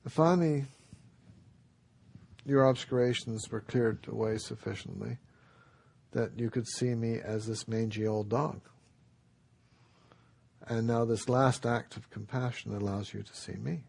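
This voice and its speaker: A man voicing a patient, gentle divine male teacher who calmly explains himself, with a husky, gravelly voice. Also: medium pitch, measured pace, pauses often. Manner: calm, explaining kindly.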